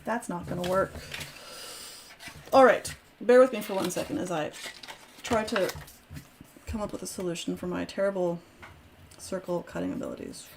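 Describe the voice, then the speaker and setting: A woman's voice: lowish voice, steady tone, normal speed, creaky, long pauses, a little hiss or hum. A woman hosting a live crafting stream, chatting casually and self-deprecatingly as she works aloud. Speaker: crafting host.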